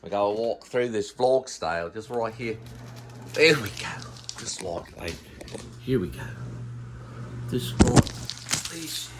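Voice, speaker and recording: A man vlogging at home, scolding his cat in a high sing-song voice, with playful rambling asides. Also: a little slow, long pauses, very noisy. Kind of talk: casual vlog talk to his cat.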